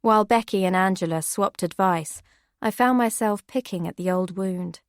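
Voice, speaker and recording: A woman giving steady, measured first-person audiobook narration. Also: medium pitch, no echo, studio quality.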